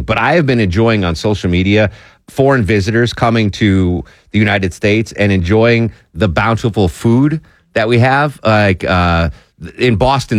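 A man's voice: fairly low pitch, dry recording, clean studio sound. A man hosting a radio talk show, chatting casually and joking, slipping into voices of imagined fans. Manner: jokey, animated, puts on voices of fans.

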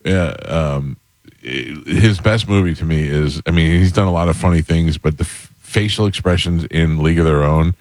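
A middle-aged man hosting a talk show, telling stories in casual banter and breaking into high-pitched retorts. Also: moderate pace, a little mellow, dry recording. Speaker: radio show host.

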